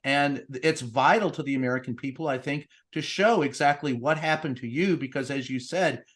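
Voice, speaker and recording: A man's voice: on the high side, normal speed, a bit bright. A man hosting an interview, conversational and joking, with loose, restarting phrasing. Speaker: host.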